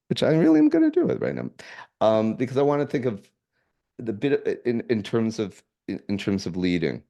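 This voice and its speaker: A middle-aged man, a podcast guest, telling stories in a rambling way with halting restarts and chuckles. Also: on the low side, big pitch swings, creaky, mellow. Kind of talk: casual storytelling.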